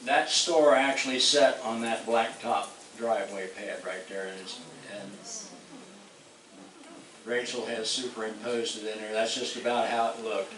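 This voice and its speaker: An older man from southwest Ohio presenting local history to a meeting, relaxed and reminiscing. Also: on the low side, unhurried. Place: meeting hall. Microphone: distant room mic. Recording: echoey hall, distant mic, faint noise.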